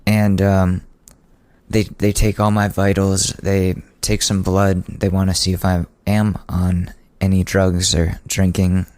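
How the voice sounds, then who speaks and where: A man with a very low voice tells a personal story on a podcast in a loose, rambling way, full of restarts and dry sarcasm. The recording is dry and close, with no room sound. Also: completely flat delivery, slow, darkish tone, no echo. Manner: sardonic, rambling, many restarts. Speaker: podcast host. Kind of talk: casual comedic storytelling.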